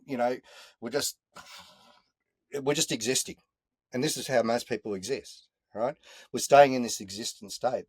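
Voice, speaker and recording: Speaking from a caravan, this Australian man is a guest on a podcast, spinning a yarn with lively, down-to-earth energy and the odd mild curse. His voice is mid-range and the audio is dry, in the manner of a relaxed storytelling chat.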